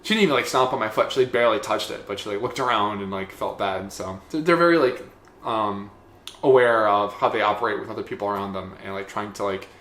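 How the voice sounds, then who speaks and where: A man's voice: on the low side, fast, fairly bright tone. Chatty man in an echoey room. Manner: rambling, lots of "like" fillers. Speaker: podcast co-host. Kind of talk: casual travel chat. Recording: echoey room, faint ambience.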